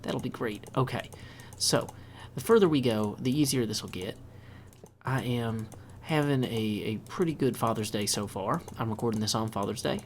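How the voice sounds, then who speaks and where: A man's voice: mid-range voice, normal speed, a little hiss or hum. Chatty man narrating his gameplay. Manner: chatty, upbeat, thinking aloud as he plays. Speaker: let's play host. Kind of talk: casual gameplay commentary.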